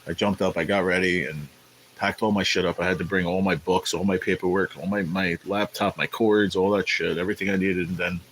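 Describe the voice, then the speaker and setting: A man hosting a casual live stream, rambling in a laid-back way and greeting viewers by name, sounding tired and low on energy. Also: fairly even intonation, brisk, fairly bright tone, a little hiss or hum, poor audio. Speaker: livestream host. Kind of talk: casual livestream chat.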